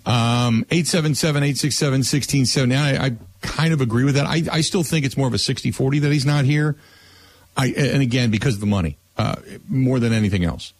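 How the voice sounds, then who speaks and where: A man's voice: medium pitch, fairly quick. A man hosting a sports talk radio show and taking calls, talking casually and repeating words as he starts his sentences.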